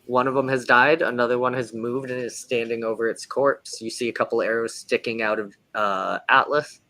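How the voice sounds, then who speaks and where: Bright-voiced man running a tabletop game. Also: medium pitch, fairly even intonation, moderate pace, rough recording. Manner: casual, filler-heavy descriptions. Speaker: game master.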